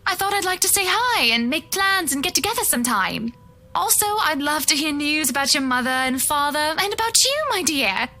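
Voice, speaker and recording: Man voicing a sweet, genteel young woman in a game read, very high and bright. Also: sing-song, moderate pace, soft background music, heavily acted. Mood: gentle, affectionate. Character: poised, affectionate young woman. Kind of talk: reading game dialogue on stream.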